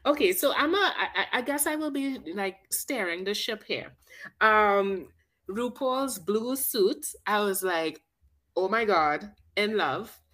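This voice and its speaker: A woman's voice: medium pitch, lively intonation, a little slow, a bit bright. A woman co-hosting a casual reality-show recap, blunt and slangy, often trailing off into fillers. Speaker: podcast co-host.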